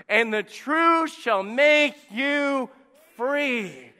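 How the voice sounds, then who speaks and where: A male pastor preaching a passionate sermon, swinging from quiet to loud. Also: high-pitched, lively intonation, takes it slowly. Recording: echoey church hall.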